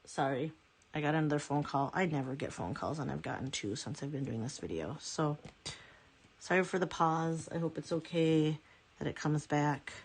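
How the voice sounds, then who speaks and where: A woman's voice: low voice, moderate pace, gravelly, breathy edge. A woman chatting casually as a nail art vlogger at home, rambling and correcting herself as she goes. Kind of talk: casual chat.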